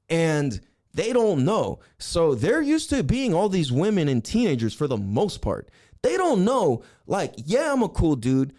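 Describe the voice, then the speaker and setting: A man hosting a podcast, telling a heated story in a profane rant that swings between shouting and low mutters. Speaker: podcast host.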